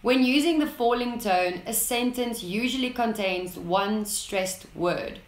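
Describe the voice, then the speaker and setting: A woman narrating an English lesson in a slow, deliberate way, reading out example sentences with clear enunciation. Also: a little high, reverberant. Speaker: English teacher.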